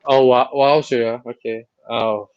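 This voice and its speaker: A man's voice: mid-range voice, fairly even intonation, a little slow, no room sound, dull audio. A man co-hosting a podcast in casual chat, rambling and teasing his friends with frequent laughter. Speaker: podcast co-host.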